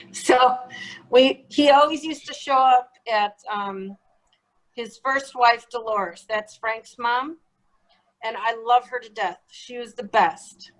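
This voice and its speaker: A woman telling her own story in an interview, blunt and animated, swearing freely as she acts out what was said. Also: mid-range voice, low-quality recording. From Chicago. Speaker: guest.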